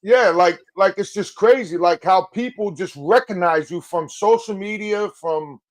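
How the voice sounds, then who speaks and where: A middle-aged man hosting a casual chat, telling animated stories. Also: sits high, measured pace. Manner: storytelling, animated. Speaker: podcast host.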